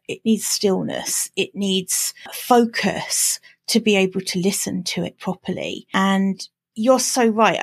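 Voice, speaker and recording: Gravelly, husky woman podcast host. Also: medium pitch. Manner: warmly agreeing, emphatic. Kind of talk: casual podcast conversation.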